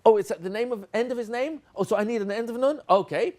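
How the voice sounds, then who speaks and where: A man's voice: extremely high pitch, quick pace, darkish tone. A man giving a teacher training session, playfully acting out classroom exchanges with children.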